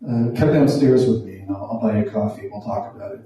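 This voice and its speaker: A man quoting a brisk, friendly office HR woman greeting coworkers. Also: on the low side, dark tone, natural voice. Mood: breezy. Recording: very echoey room, from a distance.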